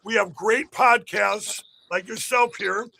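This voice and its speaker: A political candidate giving an emphatic, repetitive rally-style interview on a podcast. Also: male voice, high voice, steady tone, takes it slowly, creaky, bright, forceful tone, slight background noise.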